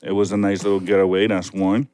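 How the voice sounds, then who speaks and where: A man's voice: low voice, level tone, fast, warm tone, no room sound. A young man with a New York accent co-hosting a casual podcast, laid-back and rambling, laughing often. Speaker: podcast co-host. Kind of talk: casual chat.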